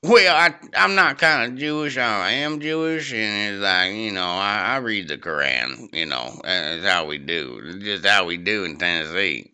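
A man's voice: lowish voice, animated, a little slow, few pauses, sharp tone, clean tone, heavily acted. A man putting on a drawling hillbilly good old boy. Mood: rambling. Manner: rambling, drawling, crude. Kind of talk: improvised comedy podcast bit.

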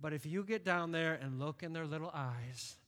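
A man in his late fifties from upstate New York, preaching a sermon in an animated storytelling way. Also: a little high, moderate pace. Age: late 50s. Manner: animated storytelling, acts out quoted voices. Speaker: pastor. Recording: long reverb of a large hall.

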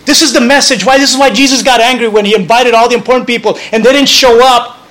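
A man's voice: very high voice, fairly even intonation, fast, a bit bright, low-quality recording. A man preaching a sermon as pastor, earnest and conversational, often restarting his phrases.

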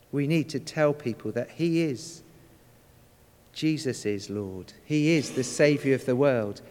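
A man preaching a sermon in an earnest, measured way, slowing down to stress key phrases. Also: mid-range voice, darkish tone. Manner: earnest, measured preaching with slow emphatic endings. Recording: church hall with long reverb.

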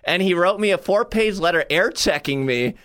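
Male podcast host, slightly higher voice, brash and jokey, dry studio sound. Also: animated, fairly bright tone, no echo. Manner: brash, joking, quick to swear. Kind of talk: casual chat. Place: radio studio.

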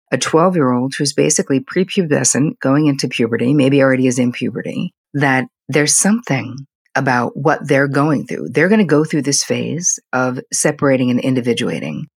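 A woman's voice: very deep voice, slightly rough, dry recording. A middle-aged woman, a psychotherapist, talking candidly and animatedly as a podcast guest. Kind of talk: podcast interview.

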